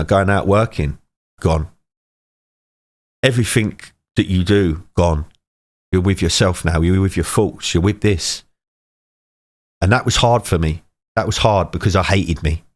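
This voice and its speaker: Low-voiced guy, middle-aged, teary motivational talk, short punchy lines, lots of sighs. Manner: earnest, short punchy sentences, sighs often. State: tearful, emotional. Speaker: motivational speaker. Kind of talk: emotional personal testimony.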